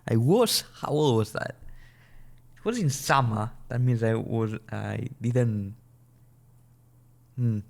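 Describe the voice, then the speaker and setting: Young guy, early twenties, from a small European country. Casual home gameplay commentary, rambling, restarting lines, swearing and laughing, medium pitch. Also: slow pace, vocal fry, pauses often. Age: early 20s. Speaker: gaming channel host. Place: at home at his computer.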